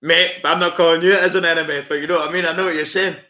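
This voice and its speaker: A man's voice: on the high side, fairly even intonation, very fast, bright, forceful tone. A Scottish man chatting casually on a live stream, swearing freely and laughing often as he answers viewers. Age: adult with school-age kids.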